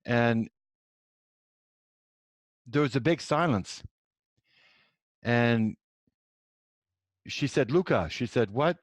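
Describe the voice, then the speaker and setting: Middle aged guy telling his own story, voices the people in it, stumbles and restarts, medium pitch, dry. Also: very slow, long pauses, no room sound. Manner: animated, acts out quoted dialogue with many restarts. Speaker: host. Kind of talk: personal storytelling monologue.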